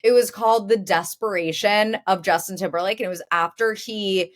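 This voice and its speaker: A woman's voice: mid-range voice, moderate pace. A woman co-hosting a podcast in casual, upbeat chat. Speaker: podcast co-host.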